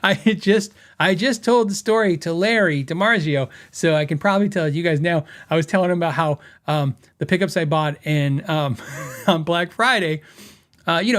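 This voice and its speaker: A man's voice: fairly high pitch, brisk, fairly bright tone. A man hosting a podcast, telling stories in a rambling, casual way and laughing often. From western United States. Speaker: podcast host.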